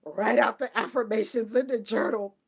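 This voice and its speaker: A woman hosting a casual spiritual talk for her viewers, animated and playful, laughing often and mimicking people. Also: on the high side, moderate pace, creaky, breathy edge. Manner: mimics people in a flat, dutiful voice. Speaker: spiritual livestream host.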